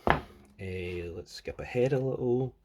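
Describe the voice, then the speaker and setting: A man's voice: on the low side, slow, heavy background noise. A man casually reviewing a comic book, rambling and crude with plenty of jokes.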